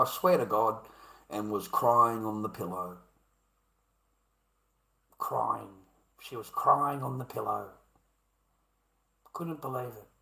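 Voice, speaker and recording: A man's voice: medium pitch, pushed and bright, roomy sound, poor audio. A man telling a rambling personal story, full of slang and calling the listener mate and bro. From Australia.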